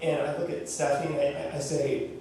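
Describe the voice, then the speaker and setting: A man sharing the story of adopting his son to an audience, animated and laughing as he acts out what people said. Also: a little high, a little fast. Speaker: adoptive father sharing testimony. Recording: echoey room from far off with noise.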